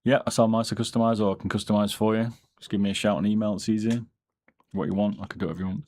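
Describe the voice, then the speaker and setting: A man chatting casually on a live stream, answering viewer questions about mouse modding in a relaxed, rambling way. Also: lowish voice, rapid-fire.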